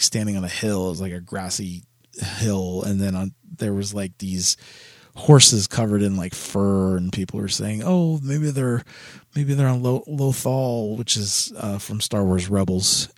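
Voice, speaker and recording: Man, low-pitched, casual solo rant, blunt, exasperated, dry sound. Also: dry recording. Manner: blunt, exasperated, swears freely.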